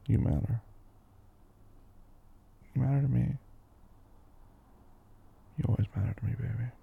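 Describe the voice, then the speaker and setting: A caring young boyfriend, played by a man, talks slowly and gently in a deep, gravelly voice, reassuring and softly teasing his sleepy partner. The voice is husky and dark, in a slightly dull lo-fi recording of a boyfriend role-play audio. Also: full character voice. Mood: tender.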